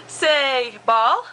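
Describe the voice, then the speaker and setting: A young mother talks at home in a high, bright voice that leaps up and down as she coaxes little ones. She draws her words out slowly in a sing-song baby-talk way, patient and playful. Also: noisy background. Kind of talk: home video chat with toddlers.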